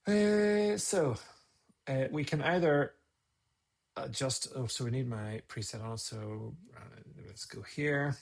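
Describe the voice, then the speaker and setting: A man's voice: mid-range voice, takes it slowly, creaky. A man casually talking viewers through a photo edit on a live stream, rambling and thinking aloud as he works.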